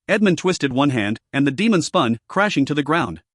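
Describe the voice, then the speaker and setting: A man's voice: a little high, very animated, normal speed, dry recording. Man narrating an audiobook, dry sound. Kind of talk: scripted narration.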